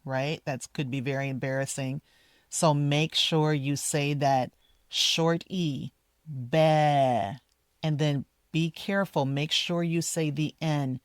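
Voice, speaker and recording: A woman teaching English pronunciation outdoors in a park, speaking deliberately and repeating each model word slowly. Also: sits low, clear, resonant tone, dry recording, clean studio sound. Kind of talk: slow, careful pronunciation lesson. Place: outdoors in a park, walking with her dog.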